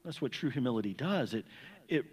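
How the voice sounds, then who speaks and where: A man's voice: mid-range voice, expressive, fairly quick, darkish tone, husky, big-room sound. A male pastor preaching a sermon, earnest and emphatic, often repeating a word as he presses a point. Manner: earnest, repeats words when stressing a point.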